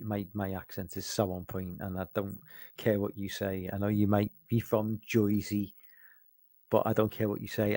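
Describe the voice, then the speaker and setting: A man's voice: lowish voice, darkish tone, dry recording, studio quality. A middle-aged British man chatting loosely and sweary in a late-night Q&A stream, tired and rambling with many restarts. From United Kingdom. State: tired, fighting sleep. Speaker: live streamer. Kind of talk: late-night casual Q&A chat.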